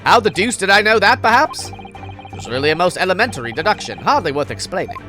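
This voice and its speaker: A woman's voice: fairly low pitch, very animated, quick pace, over music, pitched above the performer's own voice. A woman voicing a boastful, eccentric male detective with a put-on transatlantic accent, declaiming theatrically. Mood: pompous. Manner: theatrical, self-satisfied declaiming. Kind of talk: game dialogue read aloud.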